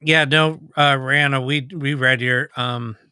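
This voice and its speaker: A man co-hosting a live podcast, talking in a relaxed, hesitant way with many pauses. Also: mid-range voice, clean tone, no room sound, clean studio sound. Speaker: podcast co-host. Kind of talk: casual live podcast chat.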